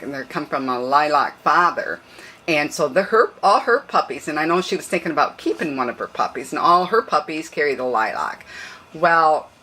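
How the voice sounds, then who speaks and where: An older woman breeder chatting casually and rambling about her puppies, now and then cooing to them in high baby talk. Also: pushed and bright, slightly rough. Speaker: dog breeder. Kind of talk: casual puppy update vlog.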